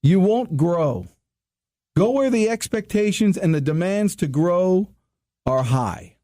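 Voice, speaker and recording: A man's voice: high voice, slow pace. A man hosting a joking radio show on sales tips, teasing his co-hosts and talking straight to listeners. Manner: animated, teasing, addresses listeners as ladies and gentlemen. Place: radio studio. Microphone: studio microphone.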